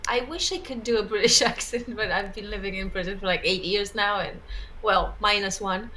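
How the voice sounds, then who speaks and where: A woman's voice: mid-range voice, steady tone, moderate pace, sharp tone, a little hiss or hum, low-quality recording. A woman co-hosting a casual livestream chat, talking loosely, laughing often and trailing off mid-thought. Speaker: livestream co-host.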